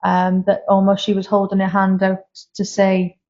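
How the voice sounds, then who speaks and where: A guest medium in her thirties speaks with a completely flat delivery at normal speed, her mid-range voice darkish in tone. In a casual interview filmed live in a castle room, she tells candid, emotional personal stories, recorded with slightly dull lo-fi sound.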